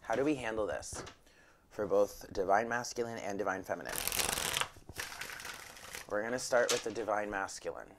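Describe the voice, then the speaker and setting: A woman's voice: very deep voice, normal speed, pauses often, very noisy. Blunt, swearing woman reading tarot. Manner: frank and blunt, swears freely, emphatic. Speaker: tarot reader. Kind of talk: casual spiritual reading monologue.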